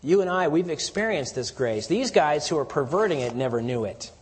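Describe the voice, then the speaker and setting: Husky-voiced preacher in a reverberant hall. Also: male voice, expressive, a little fast. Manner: teaching verse by verse, rising to emphatic declarations then dropping low. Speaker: pastor. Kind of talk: expository sermon.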